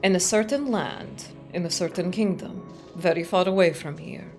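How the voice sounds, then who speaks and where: A woman voicing a composed, guarded man of authority in a video game, speaking in a measured, formal and cryptic way, a little lower and softer than her own voice. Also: soft background music, close to an everyday voice. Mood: cool, guarded.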